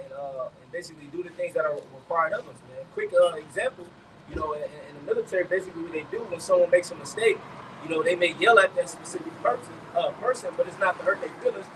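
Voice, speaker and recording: A man adding a point in a preaching circle, talking quickly with many fillers and ending phrases with "man.". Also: on the high side, recorded from a distance, background noise. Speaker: member of the group. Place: outdoors.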